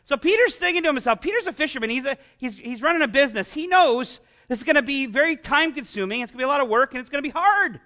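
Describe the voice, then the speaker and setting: High, bright-voiced male pastor preaching. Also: quick pace, hardly any pauses. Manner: animated, rhetorical questions, self-deprecating asides. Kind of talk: sermon.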